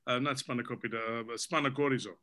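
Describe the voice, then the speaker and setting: A man's voice: medium pitch, steady tone, quick pace, pushed and bright. A man, a guest actor on a video-call podcast, telling jokey stories about growing up. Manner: jokey, storytelling. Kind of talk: casual podcast chat.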